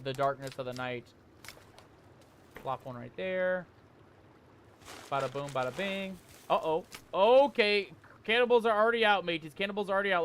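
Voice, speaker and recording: A man's voice: a little high, fairly bright tone, slight background noise. A man hosting a let's play, talking to viewers as "mateys" with pirate slang and breaking into panicky yelps when scared. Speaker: gaming channel host.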